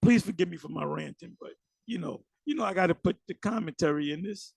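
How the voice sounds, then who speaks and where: A man giving ranting religious commentary on clips, animated and mocking, with many fillers. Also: sits high, fairly quick, creaky, slightly rough, no room sound, low-quality recording.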